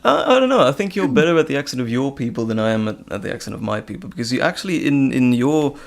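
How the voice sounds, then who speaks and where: Man with a gravelly, lively voice. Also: medium pitch, fast talker. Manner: hesitant, frequent ums, reads chat questions aloud. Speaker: live stream host and audio creator. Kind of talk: casual live stream chat.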